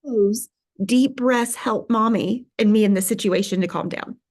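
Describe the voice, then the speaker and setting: A woman's voice: mid-range voice, unhurried. Affirming woman co-host. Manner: warm, affirming, summarizing. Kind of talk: conversational interview talk.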